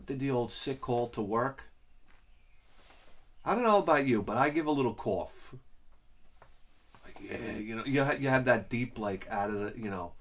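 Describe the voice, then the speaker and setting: A man hosting his own channel, rambling through a casual comedic rant, joking and swearing freely. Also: fairly low pitch. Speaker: channel host.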